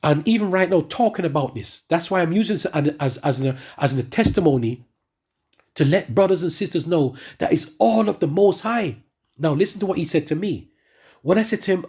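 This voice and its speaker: A man giving a spoken religious testimony to his congregation, telling his story in an animated way with many asides and restarts. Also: on the high side, brisk, slightly rough. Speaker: church member giving testimony.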